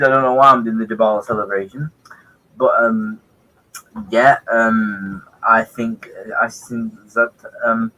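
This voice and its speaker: A man sits in as a guest on a football chat stream, his voice bright and sharp. He speaks haltingly, filling gaps with ums and throwing in jokes. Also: lowish voice, steady tone, poor audio. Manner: hesitant, joking, many ums. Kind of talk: casual football chat on a call.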